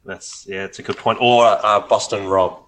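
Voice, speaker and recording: A man's voice: lowish voice, steady tone, moderate pace, a bit bright, poor audio. A man, co-hosting a podcast in casual chat, upbeat and teasing. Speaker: podcast co-host.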